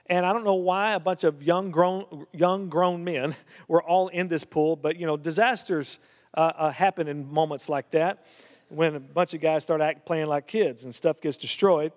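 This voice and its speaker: A man's voice: fairly high pitch, steady tone, normal speed. A man pastor telling a personal story in a sermon, then preaching with growing fervor. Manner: storytelling, rising to fervent preaching. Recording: long hall reverb.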